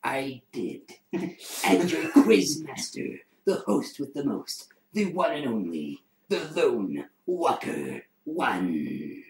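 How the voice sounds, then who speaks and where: Gravelly, slow trailer announcer, put on by a man, swooping pitch, echoey room. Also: big pitch swings, a little mellow, exaggerated voice. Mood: grandiose. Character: booming male movie-trailer announcer. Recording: echoey room with faint noise.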